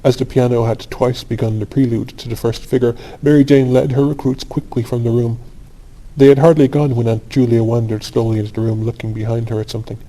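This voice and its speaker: Guy reading a bedtime audiobook, mellow voice, calm and steady. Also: mid-range voice, fairly quick, low-quality recording. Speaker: audiobook narrator. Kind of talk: scripted narration of a classic story for sleep.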